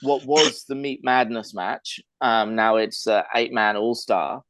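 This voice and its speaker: A man's voice: medium pitch, steady tone, unhurried, fairly bright tone, no room sound. A man from England with an English accent, co-hosting a podcast and explaining things at length in casual chat. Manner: chatty, explains at length with fillers and restarts. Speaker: podcast co-host.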